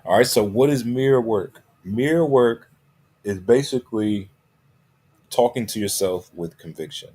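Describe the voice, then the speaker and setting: A man's voice: lowish voice, a little slow, a little mellow, slightly rough. A man giving a motivational talk as a coach. He stresses his key phrases and keeps checking in with "right?" and "okay?". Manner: emphatic, repeats key phrases.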